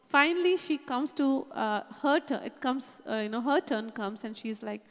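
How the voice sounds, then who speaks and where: A woman's voice: high voice, animated, normal speed, a bit bright. A woman preaching, telling a personal story earnestly and often saying "you know". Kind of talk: sermon testimony. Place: church hall. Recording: long reverb of a hall.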